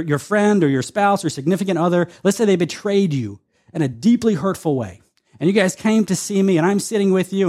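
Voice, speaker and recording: A man preaching a sermon as a pastor, earnest and steady, reading scripture aloud and slowing down to stress key points. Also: fairly high pitch, breathy edge. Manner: earnest, quotes scripture, shifts pace for emphasis.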